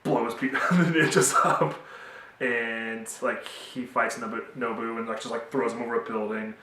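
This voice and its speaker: A man's voice: medium pitch, steady tone, normal speed, bright, forceful tone, recorded from a distance. A young man giving a casual, rambling TV review with many fillers, recorded at home in a roomy space away from the mic. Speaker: TV show reviewer.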